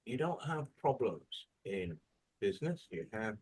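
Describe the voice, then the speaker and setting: Slow, husky male English teacher. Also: lowish voice, sing-song, a little mellow. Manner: questioning, drills pronunciation by modeling words. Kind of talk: classroom vocabulary lesson. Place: classroom.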